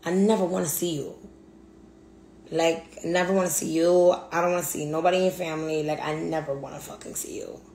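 A woman's voice: sits low, steady tone, a little fast, vocal fry, darkish tone. A woman venting in a blunt, profane monologue, repeating herself for emphasis. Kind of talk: angry monologue rant. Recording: echoey room, faint background hum.

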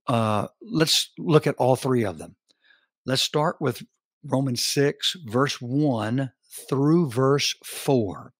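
Slow, deliberate male Bible teacher. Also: medium pitch, dry recording, studio quality. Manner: slow, deliberate, emphatic scripture reading. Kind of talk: podcast Bible study.

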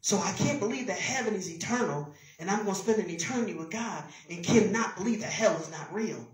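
A woman pastor preaching a sermon fervently in a conversational tone that rises to forceful declarations. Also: mid-range voice, brisk. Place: church. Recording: echoey church from far off.

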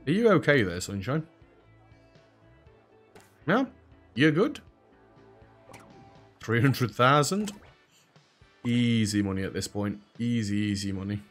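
English man, drops H's, sarcastic game commentary, low voice, soft music. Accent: English, dropped H's and T's. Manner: dry, sarcastic, chatty. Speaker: let's play host. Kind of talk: casual gaming commentary.

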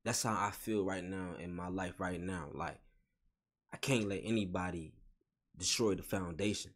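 A man's voice: sits low, steady tone, moderate pace. A man giving a spiritual motivational monologue in casual slangy talk, repeating and restating each phrase with emphasis. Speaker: vlogger.

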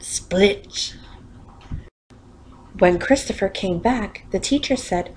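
A woman reading a children's story aloud, animated and playful with sound effects. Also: a little high, slow, low-quality recording.

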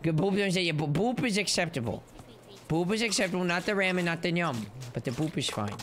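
A man giving excitable let's play commentary, yelling and cooing at the game in playful baby talk. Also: high voice, fairly quick. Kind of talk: gameplay commentary. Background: game music.

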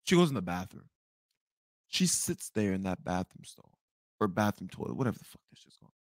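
A young man hosting a podcast, telling a storytime tale in a loud, profane way that swings between outbursts and mutters. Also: low voice, sing-song, a little fast, no echo, studio quality. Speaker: podcast host. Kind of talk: storytime monologue.

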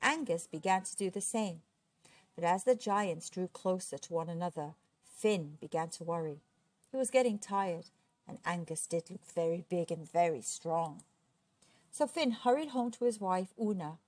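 A woman reading a children's storybook aloud, expressive and steady. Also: lowish voice, normal speed, no room sound. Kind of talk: children's book read aloud.

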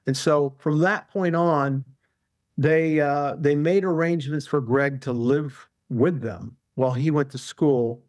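A man's voice: on the high side, measured pace, darkish tone, no echo. A male author, a guest in an interview, telling a long anecdote casually with many fillers and restarts.

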